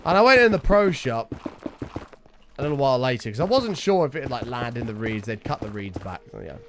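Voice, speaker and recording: A man's voice: mid-range voice, lively intonation, brisk, background noise. A young man streaming, telling a rambling story and chatting casually, swearing freely. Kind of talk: casual livestream chat.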